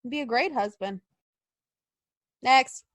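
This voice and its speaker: A woman's voice: sits high, takes it slowly, a bit bright, no room sound. A woman co-hosting a podcast in casual chat, gushing and giggly, swearing now and then. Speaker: podcast co-host.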